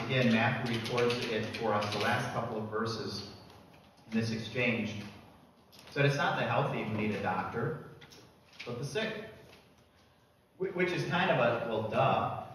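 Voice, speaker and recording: A man preaching a sermon as pastor, emphatic, building to loud repeated declarations. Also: mid-range voice, slight background noise. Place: church sanctuary. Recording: echoey church from a distance.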